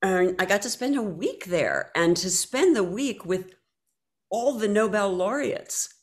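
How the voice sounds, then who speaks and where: A woman being interviewed from home over a video call, telling stories in an animated way and acting out her own past reactions. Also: mid-range voice, unhurried. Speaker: guest, author. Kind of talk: conversational interview. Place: home, by a mantelpiece.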